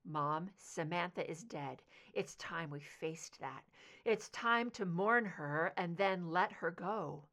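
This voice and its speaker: A woman reader voicing a grieving adult son, speaking low, subdued and halting. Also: animated, fairly bright tone. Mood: somber.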